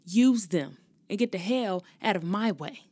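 A woman's voice: mid-range voice, animated, a little slow, darkish tone, no room sound. A young adult woman hosting her own podcast, talking casually and expressively, ranting and cursing freely. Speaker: podcast host. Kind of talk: casual solo talk.

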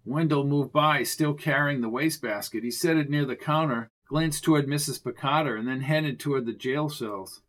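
A man giving scripted narration of a mystery audiobook in a steady, measured way. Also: mid-range voice.

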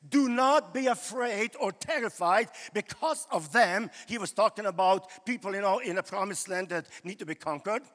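A male pastor preaches a sermon in a loose, conversational style, peppered with "you know" fillers. His voice is high-pitched with a fairly bright tone. It was recorded live in a church, in a large hall.

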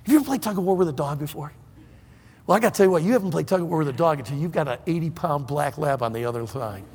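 A man from northern Michigan preaching with folksy, animated storytelling that bursts into shouts. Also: a little high, rapid-fire, husky, in a large hall. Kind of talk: storytelling sermon.

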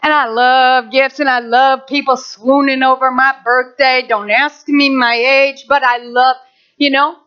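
A middle-aged woman pastor preaching a sermon, animated, with asides and rhetorical questions. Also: sits high, measured pace, clean tone. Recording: dull lo-fi recording.

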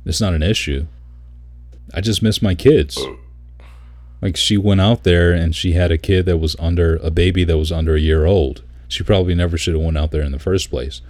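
Man, extremely low voice, dry close sound, animated casual storyteller who swears freely. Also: fast, hardly any pauses, no room sound. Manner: animated storyteller, swears, mimics people in high voice. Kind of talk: casual chat.

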